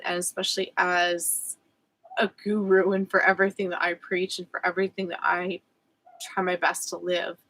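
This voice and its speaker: Woman, spiritual coach, vlog, gravelly voice, candid, reflective, filler-heavy. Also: on the low side, a bit bright, rough recording. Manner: candid, reflective, many fillers and self-corrections. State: emotional. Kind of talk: personal meditation vlog.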